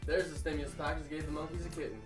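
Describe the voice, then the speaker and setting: A man's voice: on the high side, level tone, very fast, soft background music. A man co-hosting a live stream, chiming in with short complaints about his warehouse work. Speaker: co-host, warehouse worker. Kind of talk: casual political chat.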